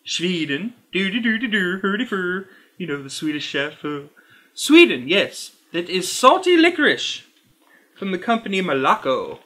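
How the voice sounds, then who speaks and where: A man's voice: sits high, sing-song, pushed and bright, full character voice. A man playing a fussy, squeamish candy reviewer. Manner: slow, overly formal, wildly swinging delivery. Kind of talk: comedic character review to camera.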